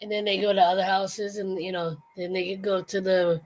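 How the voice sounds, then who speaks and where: A woman's voice: medium pitch, flat delivery, normal speed, darkish tone. A woman hosting a casual late-night livestream, chatting in a rambling way with many restarts. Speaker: livestream host.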